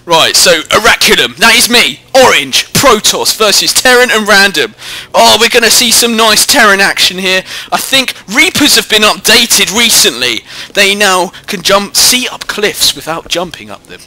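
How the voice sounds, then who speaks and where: British teen guy casting a game, bright sharp voice, goofy and self-mocking, headset mic. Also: high-pitched, expressive, moderate pace, dry recording. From Britain. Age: teens. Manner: jokey, rambling, self-mocking. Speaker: gameplay commentator. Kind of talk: live game commentary. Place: indoors at home, away from the usual recording spot.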